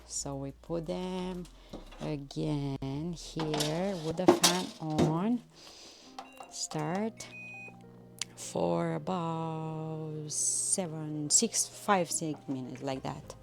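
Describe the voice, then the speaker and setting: A woman chatting with her viewers while she cooks in a home kitchen, excitable and talkative, with some non-native phrasing. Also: low voice, drawn-out words, vocal fry, soft background music. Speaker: cooking livestreamer. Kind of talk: casual live cooking chat. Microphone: phone.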